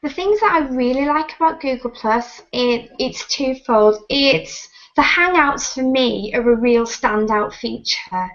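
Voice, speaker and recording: This is a high-pitched woman with a Northern English accent, her voice made croaky by a sinus infection. She chats in an emphatic, repetitive way. The video call audio is dull and lo-fi. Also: animated, unhurried, few pauses, a bit bright. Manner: emphatic, chatty, repeats "actually". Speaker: guest. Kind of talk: casual video-call chat.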